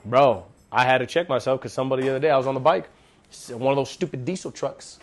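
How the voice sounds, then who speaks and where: A man giving a casual devotional talk at a church gathering, slangy and animated, often calling listeners bro. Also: medium pitch, quick pace. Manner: animated, acts out quotes. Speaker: lay speaker at a church gathering.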